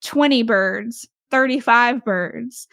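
A young woman telling a story in casual podcast chat, animated, laughing often and full of fillers. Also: fairly high pitch, slow pace, vocal fry, no echo, clean studio sound. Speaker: podcast host.

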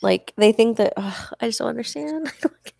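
A woman's voice: fairly high pitch, a little fast, creaky, a little mellow, dry recording, studio quality. A woman hosting a podcast, chatting casually, reacting openly and swearing freely. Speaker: podcast host. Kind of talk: casual conversation.

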